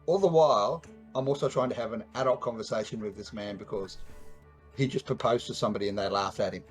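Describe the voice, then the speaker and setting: A man's voice: fairly low pitch, fairly even intonation, fast talker, faint music behind. A man playing a tabletop game, joking and playful with the game master. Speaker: player. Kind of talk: casual tabletop play.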